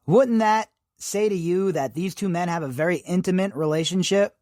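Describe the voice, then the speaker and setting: A man's voice: sits high, normal speed, a little mellow, dry recording, clean studio sound. A man hosting a podcast, giving emphatic, sarcastic commentary full of rhetorical questions. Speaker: podcast host. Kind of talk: opinionated commentary.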